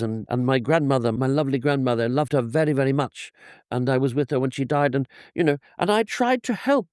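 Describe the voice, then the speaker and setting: A man voicing a blustering, boastful emperor who rambles and pleads in a stammer, his pitch pushed up high. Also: darkish tone, dry recording, clean studio sound, lightly acted. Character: blustering boastful German emperor, male, wounded.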